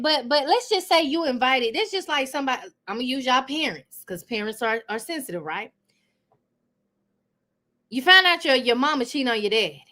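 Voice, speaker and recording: A high, lively woman's voice swings up and down as she hosts a live reaction stream from home. She laughs hard and keeps turning to her viewers, and her tone is bright and sharp. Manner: loud laughing, animated, talks to viewers. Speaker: commentary host.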